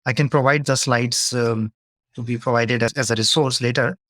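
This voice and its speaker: A man's voice: medium pitch, steady tone, normal speed, a bit bright, no echo, clean studio sound. A man speaking as a leadership coach, answering audience questions in a webinar and explaining his points through example dialogues.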